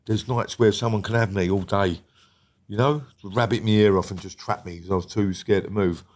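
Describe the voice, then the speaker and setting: A man's voice: on the low side, fairly even intonation, moderate pace. A middle-aged man, a former prisoner telling his life story in an interview, blunt and sweary, checking in with "mate" and "yeah?". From England.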